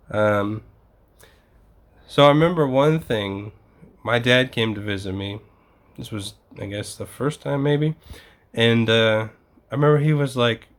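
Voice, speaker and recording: A man's voice: mid-range voice, measured pace, pauses often. A young man telling stories in a casual vlog, ranting and swearing freely as he gets exasperated. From United States. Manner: profane, exasperated storytelling. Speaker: vlogger.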